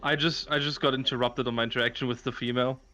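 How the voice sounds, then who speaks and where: Male player, mid-pitched, playful, searches for words. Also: steady tone, quick pace, sharp tone, soft background music. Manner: joking, fumbles for words. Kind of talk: playing a character in a tabletop game.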